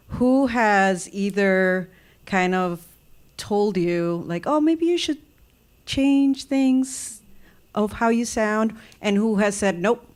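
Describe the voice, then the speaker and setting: A woman in the audience asks a long question, pausing often with fillers as she searches for words. Her voice sits at an ordinary pitch. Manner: hesitant, many fillers. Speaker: audience member asking a question.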